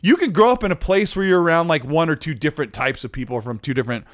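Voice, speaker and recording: Male podcast co-host, fairly high voice, casual and chatty. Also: fast talker. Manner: chatty, reads out viewer comments.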